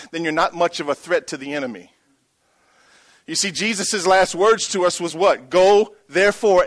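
A man's voice: fairly high pitch, a bit bright. A middle-aged pastor preaching a sermon, telling a story and calling out to his congregation for a response.

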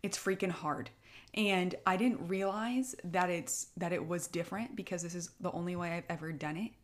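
A woman's voice: fairly low pitch, moderate pace. A young woman, a military spouse, chatting in a casual, emotional way, tearful and rambling with many fillers. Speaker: podcast co-host, military spouse. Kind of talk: casual heartfelt chat.

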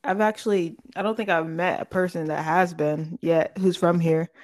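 A woman's voice: fairly low pitch, steady tone, normal speed, a little mellow. A young woman from Oakland, California, hosting a podcast in a casual, playful chat and laughing often. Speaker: podcast host.

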